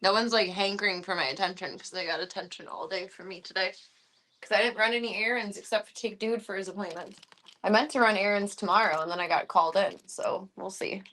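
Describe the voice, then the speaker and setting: A woman's voice: mid-range voice, steady tone, brisk, pushed and bright. A woman chatting casually on a live stream from her home, switching into cooing baby talk for her pets and making wry asides.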